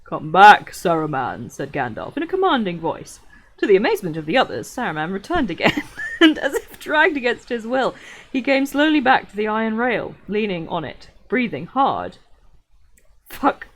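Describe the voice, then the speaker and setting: A woman's voice: on the high side, very animated, moderate pace, slight background noise. Giggly woman streamer reading aloud. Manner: giggly, swears, chatty asides. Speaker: livestream reader. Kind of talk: casual reading livestream.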